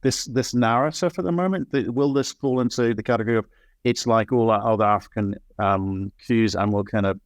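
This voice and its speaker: A man's voice: medium pitch, a little fast, dry recording, studio quality. A man hosting an interview in a casual, wry manner, asking long, rambling questions full of restarts. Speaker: interview host.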